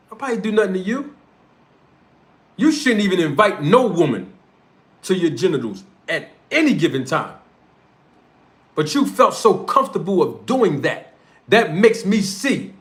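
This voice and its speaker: Heated and confrontational, this livestream rant comes from a streamer and show host speaking North Philly street slang. The man's voice is high with a fairly bright tone.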